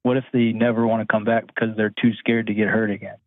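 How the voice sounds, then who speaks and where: A man's voice: fairly low pitch, level tone, fast, no room sound. A man calling in to an advice show, mostly giving short agreements and then asking a hesitant follow-up question. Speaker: caller. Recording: tinny phone line.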